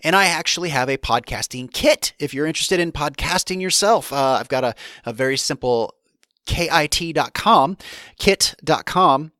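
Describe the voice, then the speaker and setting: This is a solo podcast monologue from a man whose voice sits a little high and sounds pushed and bright, moving at a moderate pace. The studio recording is dry and clean, and he rambles candidly with frequent restarts and asides.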